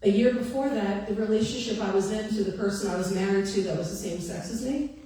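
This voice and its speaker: Woman, 50s, candid emphatic testimony speaker, mellow tone, heard distant in a big echoey hall. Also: mid-range voice, quick pace. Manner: candid, emphatic, repeats short phrases for stress. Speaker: guest speaker giving a personal testimony. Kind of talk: personal testimony speech to an audience.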